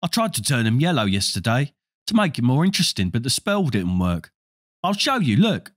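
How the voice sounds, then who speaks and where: Storybook figure: easygoing, slightly scornful boy wizard, lively delivery, read by a male narrator. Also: medium pitch, fairly quick, slightly rough, no echo, clean studio sound. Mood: offhand. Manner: casual, offhand.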